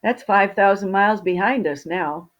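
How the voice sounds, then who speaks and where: A woman's voice: mid-range voice, moderate pace, highs cut off, natural voice. A woman voicing an invisible male magic servant spirit who is chatty and eager to please, in a storybook telling. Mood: excited.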